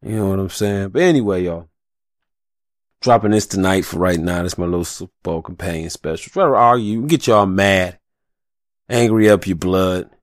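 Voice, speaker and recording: A man's voice: deep voice, normal speed, no room sound, clean studio sound. A young adult man hosting a solo podcast, talking in a passionate, profane rant full of slang. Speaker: podcast host.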